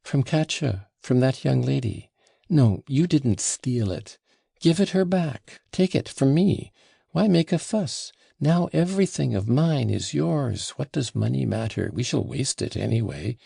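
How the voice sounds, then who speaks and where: A man's voice: medium pitch, lively intonation, unhurried, gravelly, dark tone, husky, no echo, clean studio sound, voice pushed up, full character voice. A man reading an audiobook and voicing an impulsive young woman who pleads and commands by turns, breathless and imploring. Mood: passionate, urgent. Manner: breathless, imploring, swinging between giddy and faint.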